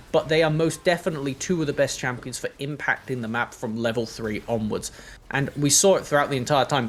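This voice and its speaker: A man commentating an esports match, breaking down plays in an analytical, lively way and leading a post-game interview. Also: a little high. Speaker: esports caster.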